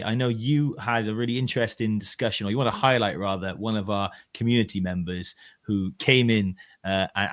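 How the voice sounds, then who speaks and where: A man hosting a live podcast, chatting casually and joking with laughs and quick asides. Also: lowish voice. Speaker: podcast host.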